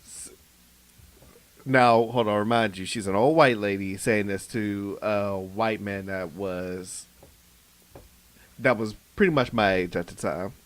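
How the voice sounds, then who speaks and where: A man co-hosting a podcast, telling a story in casual chat, animated and laughing as he acts out quotes. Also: fairly low pitch, takes it slowly, pauses often. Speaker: podcast co-host.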